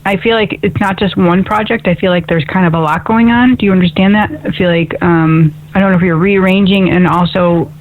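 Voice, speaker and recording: A woman's voice: lowish voice, steady tone, brisk, hardly any pauses. A woman hosting a call-in spiritual radio show as an intuitive medium, talking in an upbeat, chatty way and often asking "right?". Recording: tinny phone-like radio audio.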